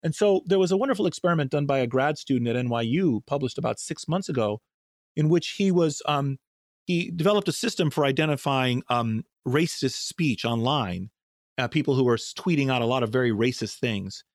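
A man's voice: mid-range voice, lively intonation, a little fast, no echo, studio quality. A man answering interview questions in a thoughtful, rambling way, often restarting his sentences. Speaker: guest scientist.

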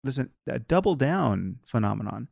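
Gravelly-voiced man hosting a podcast. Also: medium pitch, sing-song, darkish tone, dry recording, clean studio sound. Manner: measured, argumentative, many "you know" fillers. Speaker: podcast host. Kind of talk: conversational interview.

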